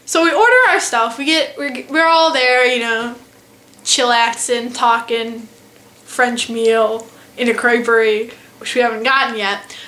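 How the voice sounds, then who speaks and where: A teenage girl vlogging, telling a funny travel story in a casual, animated, self-mocking way. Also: fairly high pitch, a little slow. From United States. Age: teens.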